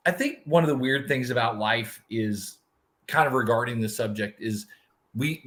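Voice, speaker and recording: A man's voice: mid-range voice, fairly bright tone. A middle-aged man co-hosting a casual panel chat, talking earnestly in long rambling lists. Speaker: co-host.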